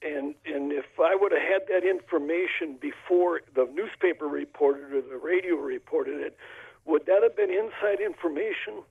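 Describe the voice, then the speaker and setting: A gravelly, husky man calling in over a thin phone line, hesitant and halting as he asks his question. His voice sits a bit high and sounds distant. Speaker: caller. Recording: raspy phone line from afar.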